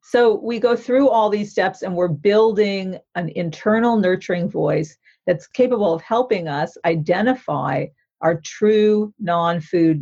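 In a muffled recording, a therapist-author describes a mindfulness practice during an interview. Her voice is on the low side, darkish and breathy, and her earnest, instructive delivery keeps checking in with the listener.

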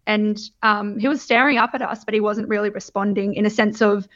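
A woman's voice: medium pitch, steady tone, brisk. A young adult woman, candidly telling her birth story in casual chat, laughing often and swearing freely. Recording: dull lo-fi sound.

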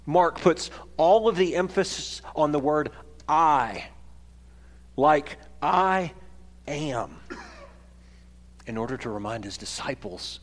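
A man's voice: on the high side, measured pace. Dynamic male pastor preaching. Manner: dynamic preaching, swinging from loud emphasis to quiet; reads scripture aloud in a raised voice. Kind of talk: sermon.

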